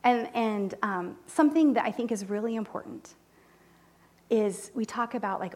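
A woman telling a mission story in a sermon, animated and emotional, dropping to near-whispers when moved. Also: medium pitch, normal speed. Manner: animated storytelling, voices quoted people, drops to soft near-whispers; emotional, close to tears. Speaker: church speaker reporting on mission trip. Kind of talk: sermon testimony.

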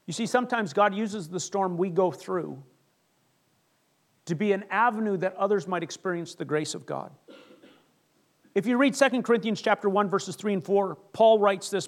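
A male pastor preaching a sermon, retelling Bible stories with lively acted-out voices. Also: high-pitched, normal speed. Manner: animated storytelling, acts out Bible characters.

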